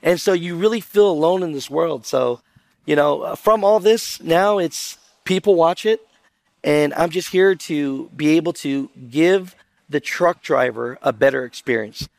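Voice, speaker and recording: Guy talking on a conference panel, kinda high voice, acts out what people said, asks the room for hands up, dry sound. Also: unhurried, gravelly, no echo. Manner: animated storyteller who acts out other people's lines and quizzes the audience. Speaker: trucking video creator on a conference panel. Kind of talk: lively conference panel talk.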